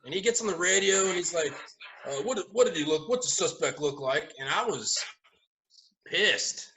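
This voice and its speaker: A man chatting casually at a round table, telling lively stories and laughing often as he goes. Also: a little high, moderate pace, rough recording. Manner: animated storyteller, laughs often. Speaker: haunt owner, podcast regular. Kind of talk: casual storytelling chat.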